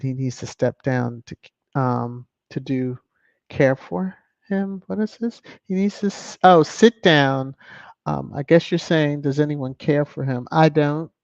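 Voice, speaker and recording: A woman from the United States, hosting a casual livestream, speaks with an extremely low pitch, vocal fry, and a slightly mellow quality. She reads out viewer comments chattily and with strong opinions, and the dry recording sounds like dull lo-fi home stream audio.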